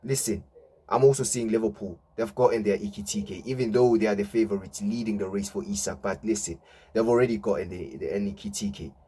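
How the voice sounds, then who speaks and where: A man's voice: lowish voice, brisk, mellow, slightly rough. A young man, a football fan vlogger giving a mocking, swearing rant and tagging his lines with "yeah?". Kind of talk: ranting fan reaction.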